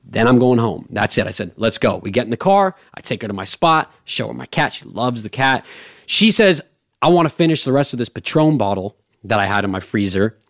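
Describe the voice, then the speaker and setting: A man's voice: mid-range voice, expressive, a little fast. A young man hosting a podcast, telling a rambling, profane story in casual chat. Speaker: podcast host.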